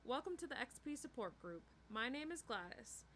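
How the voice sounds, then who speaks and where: A woman's voice: a little high, big pitch swings, moderate pace, a bit bright, a little hiss or hum. Tired old vampire woman, dry and plain-spoken, as a woman reader does her. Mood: formal. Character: weary elderly vampire woman with aching knees.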